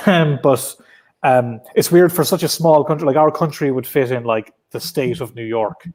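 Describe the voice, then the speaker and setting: An Irish man, a guest comic writer, chats from home over his laptop in a casual video-call interview. His voice is middle-pitched and a little mellow, moving at a moderate pace in loose, rambling runs. He often restarts sentences and leans on easy filler words.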